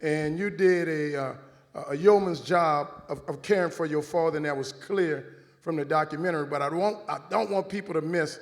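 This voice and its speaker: A man moderating a screening Q&A in a large hall, speaking in a steady, preacherly cadence. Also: fairly high pitch, moderate pace. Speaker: panel moderator. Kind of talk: hosting a screening Q&A. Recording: reverberant hall.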